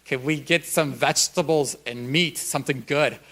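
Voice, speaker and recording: A man voicing his wife as a hungry young woman pleading for food, in a raised, louder voice. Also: a little high, moderate pace.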